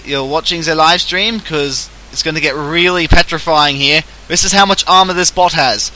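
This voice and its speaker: A man's voice: a little high, bright, forceful tone, a little hiss or hum, rough recording. An Australian man hosting a casual gaming livestream, jokey, self-mocking and theatrical. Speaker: streamer host.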